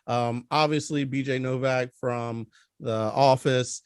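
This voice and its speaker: A man's voice: medium pitch, fairly even intonation, slow pace, clean tone, dry recording, clean studio sound. A man with a Philadelphia accent hosting a casual movie chat show, chatty and laughing often. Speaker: host.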